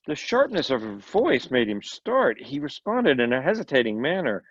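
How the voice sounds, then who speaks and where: A man's voice: mid-range voice, very animated, normal speed, few pauses, no room sound. A man, a volunteer reader, reading a short story aloud with occasional slips and brief asides. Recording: dull lo-fi recording.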